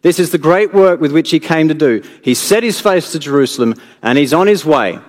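A man preaching a sermon in an earnest way, building to emphatic peaks and then dropping low and soft. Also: lively intonation, fairly quick. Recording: long hall reverb.

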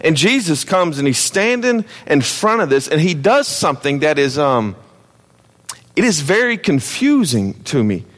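Male pastor, conversational sermon delivery, dramatic loud-to-hushed swings, reverberant hall. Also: fairly high pitch, big pitch swings, normal speed. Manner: conversational preaching with repeated calls to listen.

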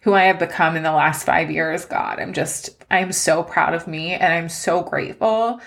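A woman in her thirties, hosting her own life-update podcast, talks earnestly and close to tears, emotion showing now and then. Her voice is on the low side, steady and fairly bright, at a normal pace.

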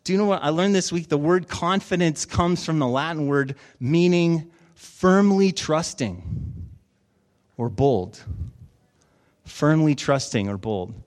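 A male pastor delivering a sermon with a high, light voice. He tells the stories in an animated way and slips into the voices of the characters. He preaches in a church. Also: takes it slowly. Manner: animated storytelling with acted-out voices.

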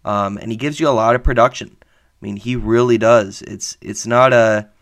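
A man hosting a casual sports reaction podcast, slightly hoarse from a sore throat, rambling with many fillers and self-corrections and enthusiastic about his team. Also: mid-range voice, steady tone, moderate pace. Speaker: podcast host.

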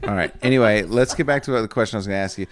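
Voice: medium pitch, racing, slight background noise. A co-host teasing and joking in a casual podcast chat.

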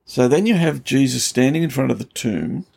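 His mid-range voice is creaky, husky and darkish, with lively intonation at normal speed. He's a pastor teaching the Bible conversationally, explaining scripture with earnest, emphatic storytelling that grows more intense.

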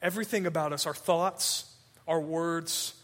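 A man preaching a sermon as pastor, swinging between urgent loud passages and hushed, slow emphasis. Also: a little high, steady tone. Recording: long hall reverb.

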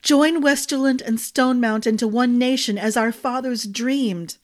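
A woman's voice: a little high, measured pace, voice pushed up, natural voice. A woman reading the lines of a scheming young king who pleads in a choked, longing voice. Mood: pleading.

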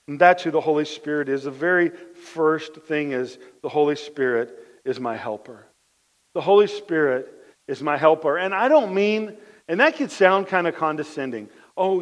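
A pastor with a high-sitting voice preaches a conversational sermon in a large hall. He tells lively everyday stories, repeats his phrases, and softens his voice for the key points.

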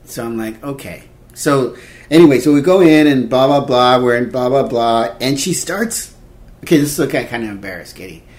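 A man in his fifties telling a dating story in casual chat, animated and laughing, acting out quotes. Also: mid-range voice, normal speed. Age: 50s. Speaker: podcast co-host.

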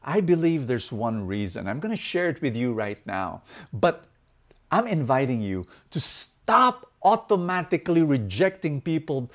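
A man giving a motivational talk, telling a fable and speaking in an animated way that shifts from loud to soft. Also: a little high, a little slow.

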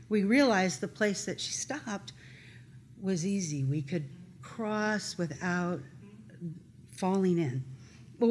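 A middle-aged woman telling a personal story in an earnest, halting, animated way. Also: mid-range voice, a little hiss or hum.

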